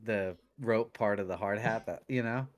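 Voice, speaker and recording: A man's voice: fairly low pitch, normal speed, a crowd in the background. A man co-hosting a casual podcast, telling a story in a loose, rambling way, swearing freely and filling with "like" and "you know". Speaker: podcast co-host.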